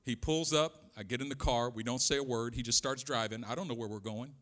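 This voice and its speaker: A man's voice: mid-range voice, fairly quick, fairly bright tone. A middle-aged man from Oakland, California, preaching a sermon with a repetitive, impassioned cadence and personal stories. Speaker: pastor.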